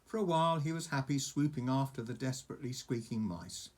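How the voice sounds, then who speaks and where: An older man reading a children's story aloud for his grandchild, gentle and chatty, pausing to talk to the child. His voice is slightly husky and of ordinary pitch. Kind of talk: storybook reading over a message.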